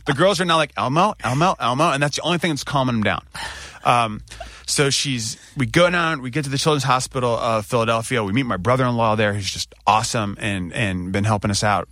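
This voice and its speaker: Man, casual storyteller, animated, bright tense voice, dry close sound. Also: medium pitch, fairly quick, no echo. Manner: animated, acts out his own anxious outbursts in quotes.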